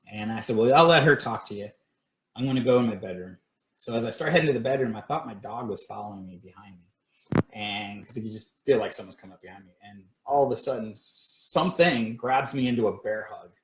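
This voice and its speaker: A man's voice: mid-range voice, echoey room. A man casually telling a personal story on a livestream, rambling with many fillers and restarts. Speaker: paranormal research group director. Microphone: phone or webcam livestream.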